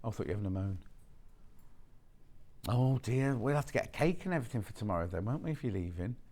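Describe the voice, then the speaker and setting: On a TV shopping channel, a man presents live in a fairly low, dark voice with lively intonation and a fast pace. He chats and teases the off-camera crew, a bit sniffly from hay fever.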